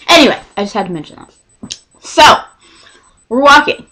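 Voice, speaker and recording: A young woman from Texas telling a storytime vlog, rambling and excitable, often cutting herself off mid-sentence. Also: fairly high pitch, moderate pace, pauses often. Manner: rambling, self-interrupting, excitable. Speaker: vlogger.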